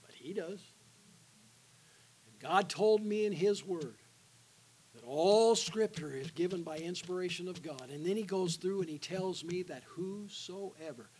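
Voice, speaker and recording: A man preaching an evangelistic sermon in a church, calling out to the congregation for responses and dropping to a hushed voice for the invitation. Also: high-pitched, unhurried, slight background noise, low-quality recording. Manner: call-and-response with the congregation, alternating loud and hushed. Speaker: guest preacher. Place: church sanctuary.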